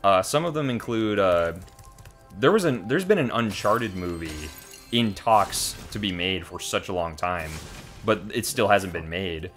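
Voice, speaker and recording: Over soft background music, a young man who co-hosts a gaming channel banters casually while playing a video game with a friend. His low voice is a bit bright with lively intonation and an unhurried pace, and he rambles in a stop-start way, full of fillers and restarts.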